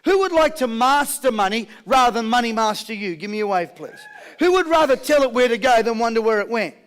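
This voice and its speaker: High-pitched, fired-up male seminar speaker. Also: fairly quick, clear, resonant tone. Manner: energetic call-and-response with the crowd; jokey storytelling. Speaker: motivational speaker. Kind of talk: live seminar talk.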